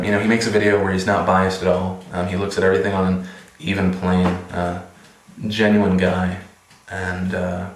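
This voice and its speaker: A man's voice: low voice, roomy sound, a little hiss or hum, rough recording. A man in his twenties making a casual, sarcastic vlog, delivering a string of mock apologies. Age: 20s. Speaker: vlogger.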